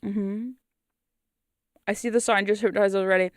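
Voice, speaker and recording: A British woman whose accent is drifting toward New Zealand chats casually with her stream. She rambles, mocks herself and laughs often, at a mid pitch. She is recorded dry and close on a condenser mic. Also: steady tone, normal speed, pauses often, no echo. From United Kingdom. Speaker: hypnosis content creator. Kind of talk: casual livestream chat. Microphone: studio condenser mic.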